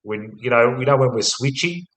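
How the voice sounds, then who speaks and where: A man's voice: mid-range voice, animated, a little fast, fairly bright tone, roomy sound, rough recording. A young Australian man co-hosting a casual football chat, rambling and swearing constantly in a laid-back way. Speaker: podcast co-host.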